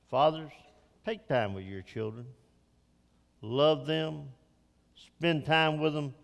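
An older man with vocal fry preaches a Father's Day sermon, pushing up to loud, high emphasis and then settling into slow, soft reflection. His voice trails off in a long reverb tail.

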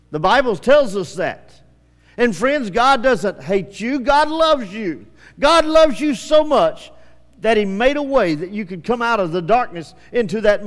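A male preacher giving an impassioned evangelistic sermon at a church service, swinging from hushed passages to shouting. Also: extremely high pitch. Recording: long church reverb.

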